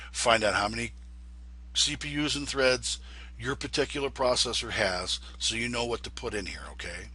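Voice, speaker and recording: A man's voice: medium pitch, pushed and bright, husky. A man giving a casual screen-recorded tutorial, rambling and repeating himself with many ums and uhs as he explains settings. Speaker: flight sim tutorial maker.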